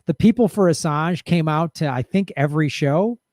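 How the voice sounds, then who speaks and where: A middle-aged man hosts a loose, rambling live-stream chat, upbeat and full of fillers. His voice is fairly high and he is losing it. The sound is dry and close. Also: normal speed, darkish tone, no room sound. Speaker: host.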